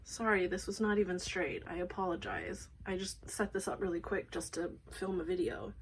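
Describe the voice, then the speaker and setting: A woman's voice: fairly low pitch, steady tone, normal speed, a little hiss or hum, poor audio. A woman filming a casual unboxing vlog, gushing and rambling, emotional and shaky, often apologizing. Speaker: vlogger unboxing photocards. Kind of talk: casual excited unboxing talk.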